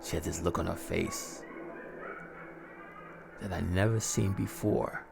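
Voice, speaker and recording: Gravelly, gleeful slow horror narrator. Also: male voice, sits low, fairly even intonation, music in the background. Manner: gleeful, chuckling, slow and drawn out. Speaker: storyteller. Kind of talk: first-person horror story narration.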